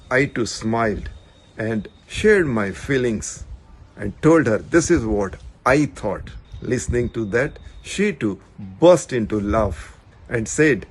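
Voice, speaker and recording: A man's voice: mid-range voice, sing-song, slow, husky, rough recording. An older man from India, reading a travel anecdote about visiting his grandchildren. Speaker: listener telling a travel story.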